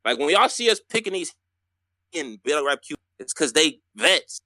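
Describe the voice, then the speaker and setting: A man's voice: fairly high pitch, big pitch swings, normal speed, pushed and bright, no echo, studio quality. A man co-hosting a podcast, hyping listeners up with street slang. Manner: hyped, promotional, street slang. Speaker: podcast co-host. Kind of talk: casual podcast chat.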